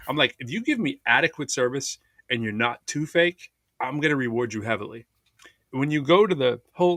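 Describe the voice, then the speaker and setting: Guy in his 30s chatting on a podcast, bright tone, super dry close sound, does little voices for people. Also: medium pitch, fast, no room sound. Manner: animated storyteller, acts out quoted voices. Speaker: podcast co-host. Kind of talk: casual chat.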